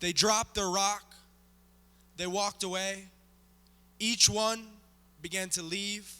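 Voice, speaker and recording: A man's voice: sits high, steady tone, slow, sharp tone, clean tone. A man preaching as a guest speaker, telling a story dramatically and acting it out with volunteers. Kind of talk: sermon storytelling. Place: church sanctuary. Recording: reverberant church hall.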